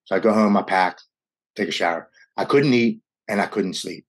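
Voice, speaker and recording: A man with a low, husky voice recounts his own hard story to an interviewer. He talks in an earnest, unguarded way, rushing some lines and dragging others as the feeling takes him. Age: adult with young children. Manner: earnest, raw, quickens and slows with emotion. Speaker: guest sharing his recovery story. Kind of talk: candid personal storytelling.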